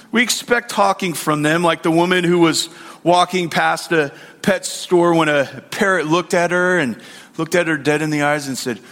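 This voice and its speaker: Speaking from a church with long, echoing hall reverb, a forties-aged male pastor preaches in a chatty way, weaving prayer and stories together with lots of fillers and repeated words. His voice sits high and sounds a bit bright.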